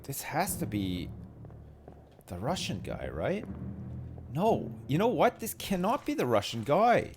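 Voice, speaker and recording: Thinking aloud while playing, a British game streamer mutters and works through problems, pausing often and speaking a little slowly. His pitch swings enormously, and faint game music plays in the background.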